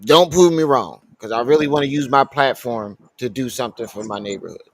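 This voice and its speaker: A man's voice: mid-range voice, a little fast. A man hosting a casual live commentary stream, reading out the chat and talking back at a clip.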